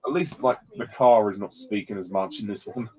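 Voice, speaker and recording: A man's voice: on the low side, fairly quick, darkish tone, low-quality recording. A man casually commentating on a film, blunt and scornful in his judgments.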